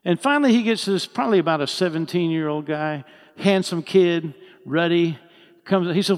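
A male pastor preaching a sermon, telling a story with lively acted-out dialogue. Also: sits high, brisk, gravelly, in a large hall. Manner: animated storytelling, acts out the characters' lines.

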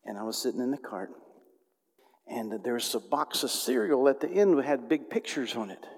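A man preaching a storytelling sermon, swinging between loud outbursts and hushed tones. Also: medium pitch, sing-song, normal speed, in a large hall.

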